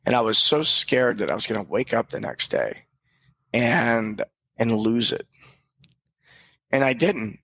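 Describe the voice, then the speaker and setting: A man's voice: medium pitch, expressive, a little slow, pauses often, a bit bright, dry recording. A man guest on a podcast, telling a candid personal story in an earnest, reflective way, with casual swearing and frequent restarts.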